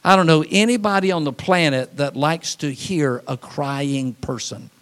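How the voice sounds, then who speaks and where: A man preaching a sermon as pastor, folksy, with quick asides and acted-out voices. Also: a little high, a bit bright.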